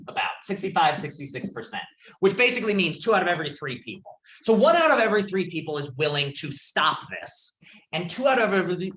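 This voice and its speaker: Male lecturer, bright, forceful tone, casual storyteller, roomy classroom sound. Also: a little high. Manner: casual, storytelling, filler-heavy. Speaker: college lecturer. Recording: echoey classroom.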